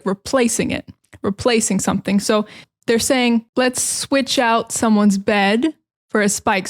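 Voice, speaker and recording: A young American woman teaching English phrasal verbs in a chatty, casual way, explaining each one with everyday examples. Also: mid-range voice.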